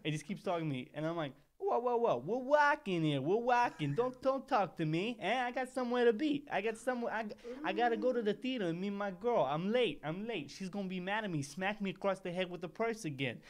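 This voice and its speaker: A man's voice: high voice, expressive, a little fast, few pauses, voice pushed up. A man voicing a poor, rambling small-time mafia henchman who talks like a tough guy and keeps digressing, as a comedic monologue. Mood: boastful.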